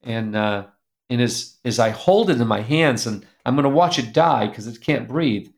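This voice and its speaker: Gravelly-voiced man telling a heartfelt story. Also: mid-range voice, moderate pace. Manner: animated, acts out quoted voices; earnest, drops to a soft hush at tender moments. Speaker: guest speaker, publisher founder. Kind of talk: emotional storytelling in an interview.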